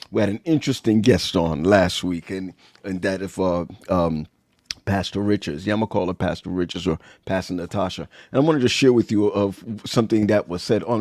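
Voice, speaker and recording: A man's voice: low-pitched, a little mellow, no room sound, clean studio sound. A man hosting a casual livestream chat, talking loosely and repeating himself. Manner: loose, repetitive, chatty. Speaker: host.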